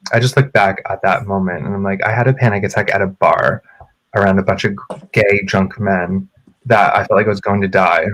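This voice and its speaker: A man with a lowish voice chats on a casual podcast, telling a personal story with plenty of drama. He slips into quick acted-out quotes and gets loud and expressive as he goes. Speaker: podcast co-host.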